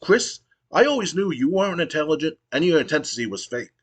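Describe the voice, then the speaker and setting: A man's voice: fairly high pitch, very animated, brisk, husky, pitched above the performer's own voice. A man doing a smug, indignant wrestler. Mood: accusing. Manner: accusatory, self-righteous. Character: indignant, smug male wrestler accusing a thief.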